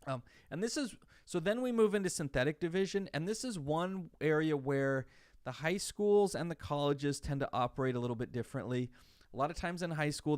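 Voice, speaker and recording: A man's voice: medium pitch, dry recording, studio quality. A man teaching a college math class in a chatty, digressive way, full of rhetorical questions. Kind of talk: live online lecture.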